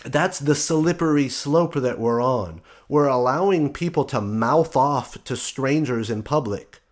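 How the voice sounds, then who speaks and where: A man's voice: mid-range voice, unhurried. A man hosting a show, delivering a blunt, sarcastic opinion monologue. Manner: blunt, sarcastic, mocking quoted voices. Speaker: podcast host.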